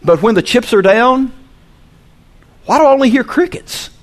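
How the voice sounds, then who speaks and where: A male pastor preaching a sermon, swinging between soft low asides and loud, emphatic peaks. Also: animated, moderate pace. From Southern US.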